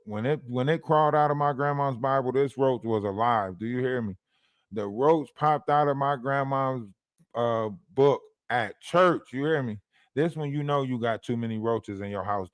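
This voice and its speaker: A man hosting a livestream who tells a story in an animated way and keeps checking in with his chat. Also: mid-range voice, no room sound, clean studio sound. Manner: animated, keeps asking the chat "you hear me?". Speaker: livestream host.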